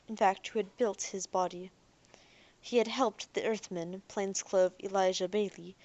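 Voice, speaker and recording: A woman narrating an audiobook in a soft, even storytelling voice that sinks almost to a whisper at times. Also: mid-range voice.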